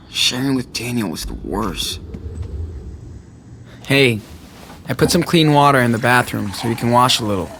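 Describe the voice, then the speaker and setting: A weary teenage boy in a video game, muttering his tired thoughts half to himself. His voice has a rough, gravelly texture. A faint background hiss runs underneath. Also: mid-range voice, lively intonation, a little slow, pauses often, a bit bright. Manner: tired, muttered inner monologue.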